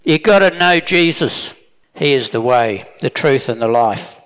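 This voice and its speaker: A man's voice: medium pitch, expressive, measured pace, fairly bright tone. A middle-aged man preaching a sermon in a plain-spoken, emphatic way, often correcting himself mid-sentence. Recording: long reverb of a hall.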